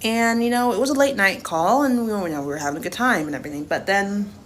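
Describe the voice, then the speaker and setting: A woman's voice: mid-range voice, fast, slight background noise. Woman, 20s, casual storytime rant; blunt, cussing, repetitive. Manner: blunt and profane, repeats herself for emphasis. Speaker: TikTok creator.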